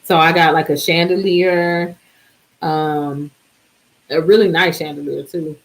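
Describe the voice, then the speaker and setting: A worn-out woman talks to her viewers in a loose, rambling way, trailing off and restarting her thoughts. Her voice sits a little low and sounds sleepy. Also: fairly even intonation, a little slow, rough recording. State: exhausted, yawning. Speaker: DIY vlogger. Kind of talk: casual chat.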